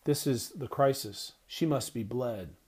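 A man voicing a gruff, blunt old-world doctor. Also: medium pitch, measured pace, darkish tone. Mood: stern. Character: stern educated male Scottish doctor, gruff.

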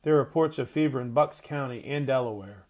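A man's voice: mid-range voice, fairly quick, darkish tone, lightly acted. A man reading the part of an older male merchant who gives gloomy, worried warnings.

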